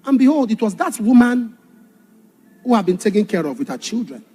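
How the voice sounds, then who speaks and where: A man preaching a sermon and telling a personal testimony, dramatic, shouting some points and dropping low on others. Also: very animated, brisk, a little hiss or hum. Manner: dramatic, shouts for emphasis then drops low. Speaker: pastor.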